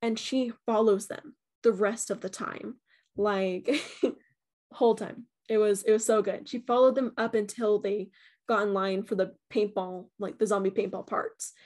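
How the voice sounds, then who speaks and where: A woman's voice: medium pitch, steady tone, a little slow, a little mellow. A young woman telling the story of her haunted house visit in a casual vlog, chatty and full of "um" and "like". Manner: chatty, many "um" and "like", acts out quotes with voices. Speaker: vlogger reviewing a haunted house.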